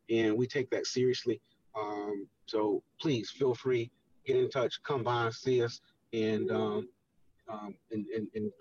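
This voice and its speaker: Male radio guest, husky, earnest explainer, heard from a distance on a dull line. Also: mid-range voice, darkish tone. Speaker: guest, housing redevelopment official. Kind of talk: radio interview talk.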